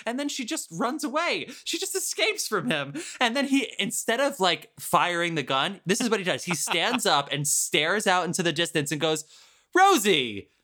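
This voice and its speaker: A man with a bright, lively voice rants about a film in casual podcast chat. His pitch swings widely and his tone stays sharp and forceful. He swears freely. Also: moderate pace, few pauses. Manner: animated ranting, profane, mimics characters. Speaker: podcast co-host.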